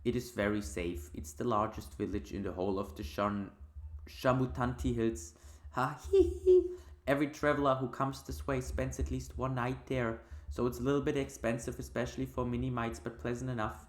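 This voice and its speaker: A man's voice: mid-range voice, animated, moderate pace, close to an everyday voice. A man voicing a chirpy little winged mite. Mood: cheerful. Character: small chirping green winged mite, friendly and impatient. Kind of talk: reading a gamebook aloud. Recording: roomy echo.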